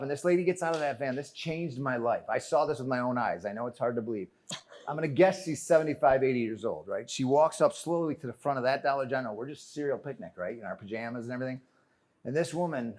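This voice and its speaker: This keynote speaker talks fast in a mid-range voice, delivering a motivational address to a live conference crowd. Animated and full of jokes, he tells a story and keeps addressing the audience as "friends."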